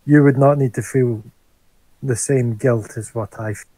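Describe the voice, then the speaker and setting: Slow, hesitant man. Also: medium pitch, fairly even intonation, mellow, no room sound, poor audio. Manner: hesitant, thinking aloud. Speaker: player. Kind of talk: casual game table chat.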